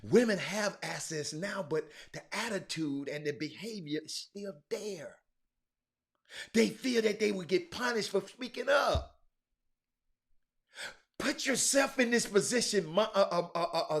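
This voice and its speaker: A man hosting a live-streamed sports talk show rants emphatically, repeating himself and calling out to his viewers. His voice is high with a sharp tone, picked up on a streaming mic.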